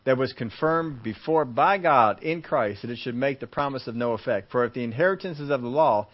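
A man's voice: medium pitch, brisk. A man preaching a Bible teaching sermon, acting out everyday scenes and repeating his points for emphasis. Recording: muffled lo-fi recording.

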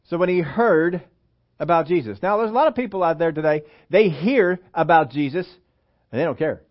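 A man's voice: a little high, moderate pace. Guy preaching a sermon in church, acts out the voices, asks the crowd stuff, muffled lo-fi sound. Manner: animated, acts out quotes, asks the congregation questions. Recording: dull lo-fi sermon recording.

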